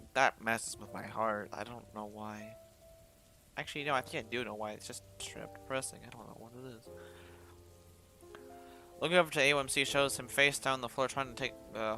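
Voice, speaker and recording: A man's voice: medium pitch, bright, forceful tone. Man reading a game story aloud. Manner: reads expressively, stumbles and restarts, breaks off with sworn reactions. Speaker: player reading a visual novel aloud. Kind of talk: dramatic first-person story reading with asides.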